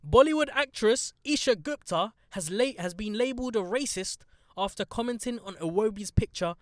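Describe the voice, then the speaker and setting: A man's voice: sits high, expressive, moderate pace, no room sound, studio quality. A young man hosting a casual podcast, blunt, sarcastic and swearing freely. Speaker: podcast host.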